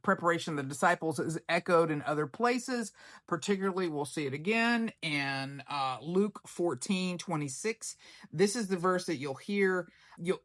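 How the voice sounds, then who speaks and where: A woman's voice: low-pitched, dry recording, clean studio sound. A woman preacher giving a casual Bible lesson to camera, chatty and playful, with slangy asides. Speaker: preacher teaching Bible study.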